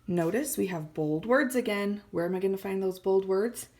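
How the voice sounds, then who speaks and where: A woman's voice: medium pitch, moderate pace, few pauses, a little mellow. A woman teacher reading a story aloud to children, explaining words and often dropping to a whisper. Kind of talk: read-aloud lesson for children.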